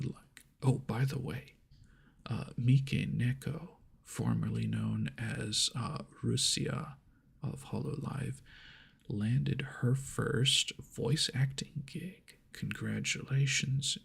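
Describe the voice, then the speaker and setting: Man, whispered ASMR chat, raspy, heavy fry, slow, binaural ears mic. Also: mid-range voice. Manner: soft, rambling, self-deprecating chat with frequent laughs. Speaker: ASMR channel host. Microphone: homemade binaural ears mic.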